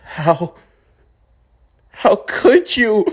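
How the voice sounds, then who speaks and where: A man voicing an enraged young male hero in a fan-made audio drama, shouting in fury. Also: high-pitched, big pitch swings, extremely slow, breathy edge, voice pushed up, full character voice. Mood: furious. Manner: shouting in rage.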